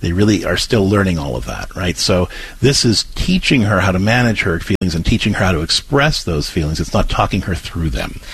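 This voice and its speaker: A man with a low-set, very husky voice talks through parenting advice on a chat show. He is earnest and restarts often, now and then acting out the gentle words a parent might say to a child. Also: big pitch swings, a little fast, dry recording. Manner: earnest, many restarts, acts out comforting lines to a child. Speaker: co-host giving parenting advice.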